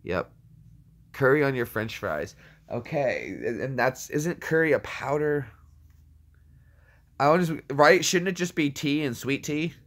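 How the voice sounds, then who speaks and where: A man hosts a casual stream and banters with viewers in a joking, riffing manner. His pitch sits mid-range for a man but swings widely, rising and dipping as he teases and puns. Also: expressive, a little slow, pauses often, fairly bright tone. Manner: jokey, riffs on movie quotes and puts on silly voices. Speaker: streamer reacting to viewer comments. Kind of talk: casual chat.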